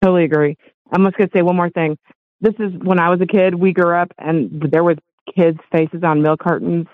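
A man's voice: high voice, steady tone, a little fast, no room sound. A middle-aged man from Los Angeles calling in to a talk show, earnest and emotional, rambling a little. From Los Angeles, USA. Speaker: caller. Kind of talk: call-in radio chat. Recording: tinny phone line.

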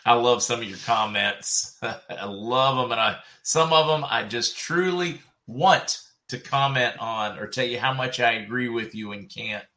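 A man's voice: mid-range voice, measured pace, sharp tone. A middle-aged man with a Southern US accent, chatting casually as host of a livestream, reading viewer comments and laughing often.

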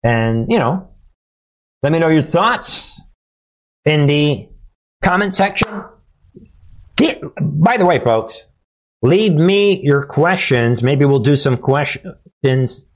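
A man's voice: a little high, expressive, slow pace, long pauses. A man hosting his own channel, talking straight to his viewers in a casual monologue, punchy and emphatic, with catchphrases and frequent restarts. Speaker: host of a political commentary channel.

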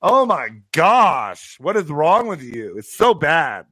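A man's voice: fairly high pitch, sing-song, takes it slowly, fairly bright tone, slightly rough, no room sound. A man reading out news headlines in a casual stream, sarcastic and stumbling over words.

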